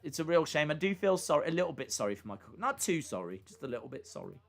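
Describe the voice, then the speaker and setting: A man's voice: fairly high pitch, sing-song, fast talker. A man hosting a live reaction stream, chatting casually and rambling with fillers and asides between moments of commentary.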